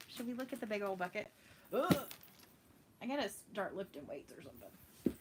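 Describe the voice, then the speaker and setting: Heavy background noise surrounds a sing-song, mid-range female voice speaking at normal speed. She's a Texan hosting a stitching show at home, chatting and laughing as she answers viewer comments during a casual live stream.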